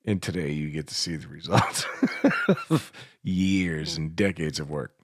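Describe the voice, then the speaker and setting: A man's voice: very deep voice, sing-song, measured pace, husky, no room sound, clean studio sound. A man with an Appalachian accent co-hosting a radio show, swearing and laughing through self-mocking stories in casual chat. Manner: foul-mouthed, laughs often, self-mocking storyteller. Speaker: radio co-host. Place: radio studio.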